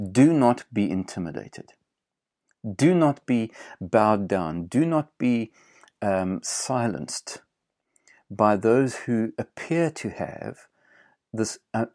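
A man preaching a sermon, earnest and emphatic, repeating phrases with pauses and fillers. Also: lowish voice, a little mellow, no room sound, clean studio sound.

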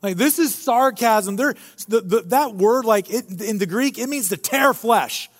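In a large church hall with long reverb, a male pastor preaches a lively sermon, joking as he retells the scene. His voice is high for a man and his pace a little slow, and he tells the story in an animated, playful way.

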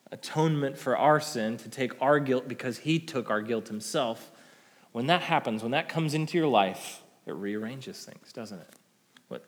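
Male pastor preaching, mid-range voice, casual "right?" asides, dynamic loud-soft delivery, in a reverberant church hall. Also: medium pitch. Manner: conversational preaching with frequent "right?" tag questions; swings between loud emphatic peaks and soft dropped endings. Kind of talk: sermon.

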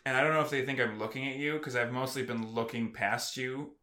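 Bright-voiced man in casual podcast chat. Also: mid-range voice, fast talker, echoey room. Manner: deadpan, acts out quoted exchanges in stiff voices.

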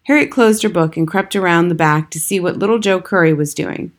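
A woman reading a children's book aloud as narrator, steady and expressive. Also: lowish voice, a little fast. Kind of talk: scripted storybook narration.

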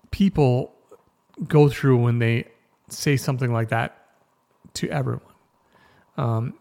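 A man's voice: mid-range voice, gravelly. A man hosting a rambling, casual news talk show, often stopping and restarting mid-sentence. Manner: rambling, self-interrupting, chatty. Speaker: news podcast host.

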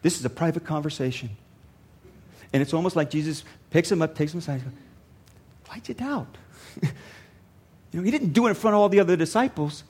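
A man's voice: on the high side, fast, darkish tone, slightly rough. An older man, a pastor, preaching a sermon earnestly and repeating lines for emphasis.

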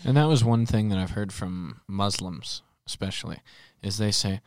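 A man's voice: fairly low pitch, moderate pace, no room sound, studio quality. A man co-hosting a podcast, talking about faith casually and acting out little scenes as he explains. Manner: animated storyteller acting out quotes. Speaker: podcast co-host.

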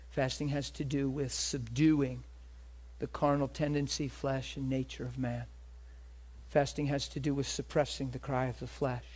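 A man with a mid-range voice preaches a sermon built around a personal story. His animated delivery swings between loud and hushed.

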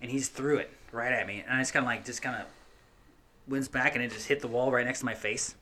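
Bright-voiced man rambling through a story. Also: mid-range voice, fairly even intonation, fast. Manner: rambling, profane, many fillers and restarts. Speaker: podcast co-host telling a story. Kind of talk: casual storytelling chat.

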